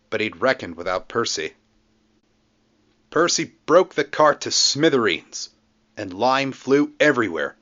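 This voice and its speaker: Male storybook narrator, lively varied delivery, dull lo-fi mic. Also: medium pitch, unhurried, pauses often. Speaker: storybook reader.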